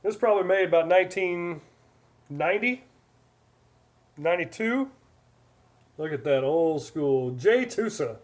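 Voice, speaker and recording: A man's voice: high voice, lively intonation, unhurried, long pauses. A man in his forties hosting a live stream, chatting casually and reading viewer comments aloud in a rambling way. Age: 40s. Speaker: livestream host.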